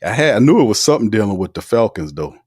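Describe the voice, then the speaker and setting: A man with a fairly low voice hosts a loose live sports talk stream. He reads viewer comments aloud and riffs on them. His delivery is animated and emphatic, full of slang and frequent laughter. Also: rapid-fire, slightly rough. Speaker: sports talk show host.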